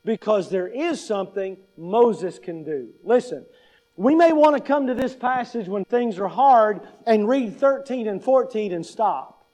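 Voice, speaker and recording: Male pastor, high-pitched voice, conversational sermon, rhetorical questions, humorous stories. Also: expressive, unhurried, darkish tone, poor audio. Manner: conversational, asks the congregation questions; humorous everyday anecdotes.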